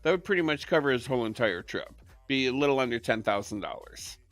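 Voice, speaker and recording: A man's voice: medium pitch, lively intonation, fast, a bit bright, no echo, soft background music. A man co-hosting a talk show, chatting casually and animatedly with joking asides. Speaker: co-host. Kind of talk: casual chat.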